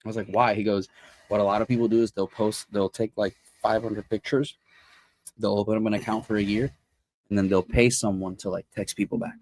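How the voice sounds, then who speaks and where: A man's voice: on the low side, brisk. A man hosting a podcast, chatting casually in a rambling way with many restarts. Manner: rambling, restarts often, animated when amused. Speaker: podcast host. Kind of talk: casual chat.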